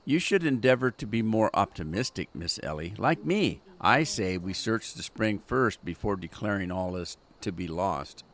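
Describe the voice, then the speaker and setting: A pompous, eccentric gentleman detective with a grand, flowery way of speaking, as a man reads him aloud from a game. The voice sits lower and a touch quieter than the reader's usual talk, and it is delivered with theatrical self-importance. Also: animated, moderate pace, hardly any pauses, a little hiss or hum. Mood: grandiose. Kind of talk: reading game dialogue aloud.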